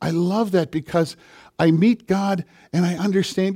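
Impassioned preacher with a slightly high voice. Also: male voice, moderate pace. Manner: impassioned, swinging from forceful to hushed. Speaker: pastor. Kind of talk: sermon.

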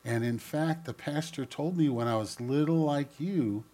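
An older man, a pastor, giving a gentle storytelling children's sermon and speaking directly to the kids. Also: a little high, moderate pace.

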